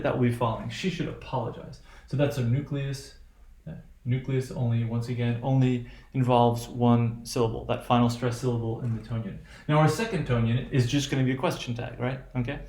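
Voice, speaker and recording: A male teacher gives a lecture, stopping and restarting often and checking in with his students. His voice sits at an ordinary pitch and carries a roomy echo. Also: steady tone, darkish tone. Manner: halting, many fillers and "right?" checks.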